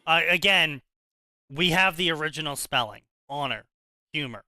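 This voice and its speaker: A man talks in a loose, opinionated ramble, restarting his sentences as he goes. His voice is very bright and crisp, and it sits a little high. The sound is close and dry. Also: expressive, normal speed, dry recording, rough recording. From South Jersey, USA. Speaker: podcast co-host. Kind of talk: casual chat.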